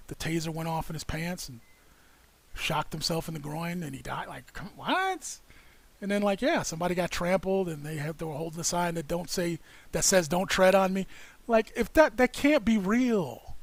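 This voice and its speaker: Rambling, laughing man on a livestream. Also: high voice. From United States. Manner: rambling, laughs often, reads viewer comments aloud. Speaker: livestream co-host. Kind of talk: casual livestream chat.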